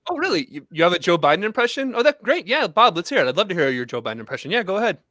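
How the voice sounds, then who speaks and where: A man's voice: high voice, sing-song, very fast, sharp tone, no room sound, clean studio sound. A man hosting an online comedy show, playing the exasperated straight man in scripted banter.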